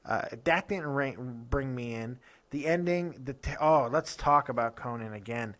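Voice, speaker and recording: A man hosting a casual wrestling review show, ranting with quick asides and restarts. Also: mid-range voice, fairly bright tone. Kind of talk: casual opinionated review talk.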